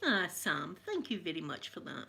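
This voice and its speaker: A woman's voice: lowish voice, sing-song, normal speed, bright, forceful tone, slightly rough. A middle-aged Scottish woman hosting a casual livestream, rambling chattily, laughing often and greeting viewers by name. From Scotland. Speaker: livestream host. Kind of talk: casual live-chat rant.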